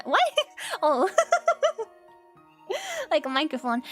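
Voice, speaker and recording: A woman's voice: high voice, big pitch swings, takes it slowly, pauses often, fairly bright tone. A woman streaming a video game who chats with her viewers, giggles often and reads game dialogue aloud. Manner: giggly, chatty, thanking viewers. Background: faint game music.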